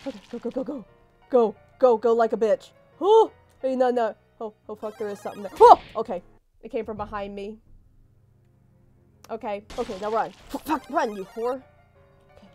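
A woman's voice: medium pitch, fairly even intonation, normal speed, pauses often, a little mellow, soft background music. A woman giving live gameplay commentary. She is jumpy, swears a lot and talks back to the game characters. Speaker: let's play gamer.

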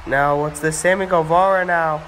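A man giving breathless, excited play-by-play of a toy wrestling match, often shouting exclamations, in an echoey room. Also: on the high side, normal speed. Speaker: play-by-play commentator. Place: home room with echo. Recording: echoey room, faint background hum.

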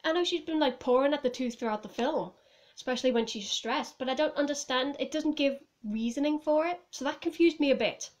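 High voiced woman rambling at her camera from home, giggly, says like a lot. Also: fairly quick. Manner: rambling, giggly, lots of "like" and "I was just like". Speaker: vlogger reviewing a film. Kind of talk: casual chat to camera. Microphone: phone or camera on a table.

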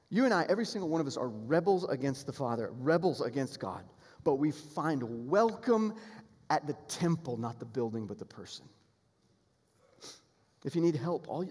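A pastor preaching a sermon, earnest and emphatic, building toward appeals and repeating key phrases. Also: male voice, on the high side, darkish tone, breathy edge. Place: church sanctuary. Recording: long hall reverb in a church sanctuary.

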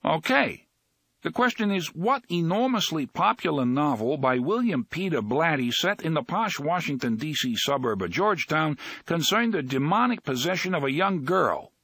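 A man voicing a brash, impatient male mobster who loudly needles a dozing friend during a board game in an audiobook. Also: a little high, big pitch swings, normal speed, breathy edge, no room sound, voice pushed up, full character voice. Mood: taunting. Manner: loud, taunting, impatient.

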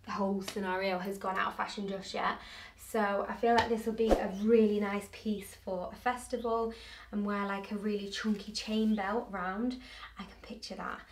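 A woman's voice: mid-range voice, level tone, moderate pace. A young woman chatting in a casual clothing try-on haul, bubbly and hyped up. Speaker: fashion vlogger. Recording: roomy echo, distant mic, faint noise.

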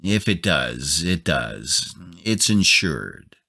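A man reading the lines of a calm, reassuring husband and father in a spoken story. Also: very deep voice, extremely slow, vocal fry, heavily acted. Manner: quiet, reassuring.

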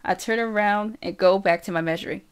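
A woman reading a first-person novel aloud as an audiobook, unhurried and even. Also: mid-range voice, clean tone. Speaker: audiobook reader.

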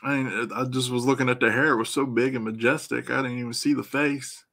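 A man's voice: medium pitch, fairly even intonation, fast talker, vocal fry, fairly bright tone. A middle-aged man with a Midwestern American accent hosting a casual live stream, greeting viewers by name, swearing freely and laughing often. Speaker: livestream host and EFI tuner.

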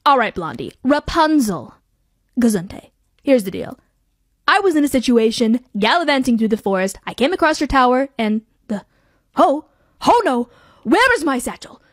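A woman's voice: sits high, sing-song, normal speed, no echo. Swaggering young male rogue, woman performer, dry close sound. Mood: smug. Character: cocky charming young male thief.

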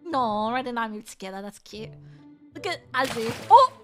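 A woman streaming games, excitable and playful, shrieking, swearing and putting on silly voices. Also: on the high side, moderate pace, music in the background. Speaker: VTuber streamer. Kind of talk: gaming stream reactions.

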